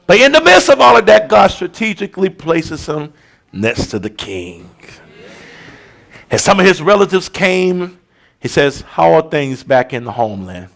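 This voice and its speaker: Gravelly, fiery preacher man. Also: on the high side. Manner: shouting, rhythmic preaching with colloquial asides. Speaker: bishop preaching. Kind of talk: sermon.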